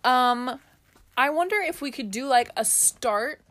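A woman's voice: high-pitched, lively intonation, measured pace, fairly bright tone. A woman co-hosting a podcast in casual chat, playful and giggly, trying out silly accents. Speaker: podcast co-host.

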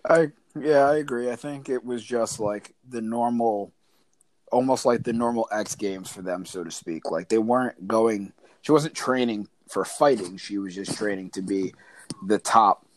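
A man's voice: lowish voice, a little slow, no echo. A man in a casual movie discussion, agreeable and a little hesitant.

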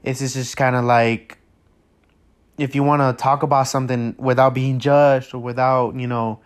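Male podcast host, loose unscripted chat, friendly and rambling, average pitch. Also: little pitch movement, normal speed, smooth. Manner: rambling, hesitant, many fillers and restarts; friendly, talks straight to listeners. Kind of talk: casual solo podcast intro.

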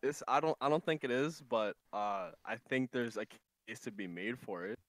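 A man who joins a casual gaming chat as a guest on a call and talks in an easygoing, halting way. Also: mid-range voice, expressive, no echo.

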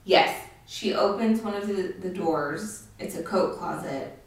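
A woman's voice: fairly low pitch, unhurried, far from the mic. A woman chatting casually with a co-host about a horror film, laughing and filling her talk with likes and ums. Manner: chatty, laughing, many fillers and acted-out quotes. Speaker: podcast co-host. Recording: very echoey room, off mic.

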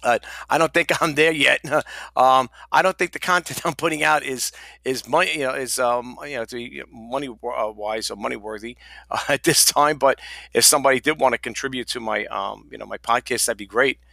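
Gravelly, bright-voiced male podcaster. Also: mid-range voice, fairly quick, no echo. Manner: rambling, chatty and self-deprecating. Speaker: podcast host. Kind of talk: casual solo podcast talk.

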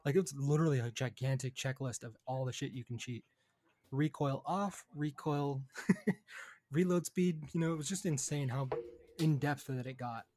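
A man's voice: medium pitch, moderate pace, a little mellow, dry recording. A man chatting casually on a gaming podcast, laid-back and often laughing.

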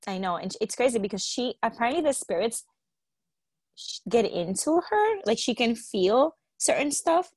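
A woman telling a story in casual chat, animated, quoting others and swearing now and then. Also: a little high, normal speed, slightly rough, no echo.

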